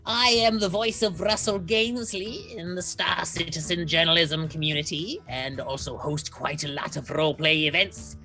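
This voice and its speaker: Upbeat woman with a bright, lowish voice. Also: steady tone, normal speed, hardly any pauses, soft background music. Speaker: voice actor and streamer. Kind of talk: self-introduction on a live stream.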